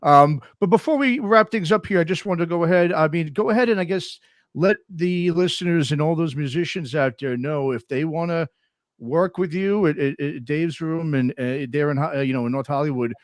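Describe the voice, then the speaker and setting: A man's voice: a little high, moderate pace, no room sound, clean studio sound. Easygoing man co-hosting a podcast. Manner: easygoing, enthusiastic, says "man" often. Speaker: podcast co-host. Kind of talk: casual interview chat.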